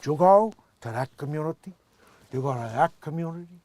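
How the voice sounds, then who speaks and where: A swaggering movie gangster, brash and drawling, as a man puts him on in a casual video talk. The voice is pushed high and loud, with slow, stretched words. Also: animated, lightly acted.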